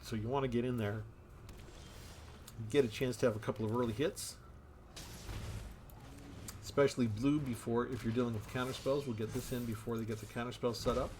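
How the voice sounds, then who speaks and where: A man's voice: mid-range voice, steady tone, a little fast, long pauses, darkish tone, a little hiss or hum. A man giving casual commentary on a card game he is playing, thinking aloud about his moves.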